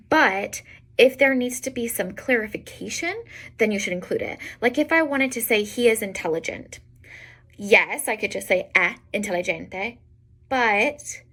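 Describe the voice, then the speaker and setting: A young woman teaching an Italian lesson, explaining patiently and repeating each example word clearly. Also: on the high side, a bit bright. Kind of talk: online language lesson.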